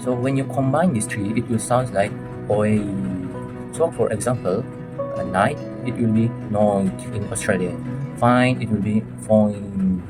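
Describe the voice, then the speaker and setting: A man's voice: mid-range voice, normal speed, loud music behind the voice. A man student giving a plain, methodical class presentation.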